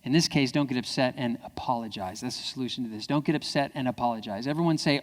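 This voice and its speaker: A man giving a lively keynote speech to parents, acting out quoted kids and parents in high voices. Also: fast, few pauses. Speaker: keynote speaker. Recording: hall reverb.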